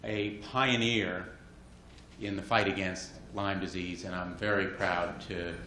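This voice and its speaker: Man presenting awards at a conference, halting and formal, recorded off-mic in a noisy echoey hall. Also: low-pitched, steady tone, pushed and bright. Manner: formal, hesitant, stumbles over names. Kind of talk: conference announcement. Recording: roomy distant mic in a crowded hall.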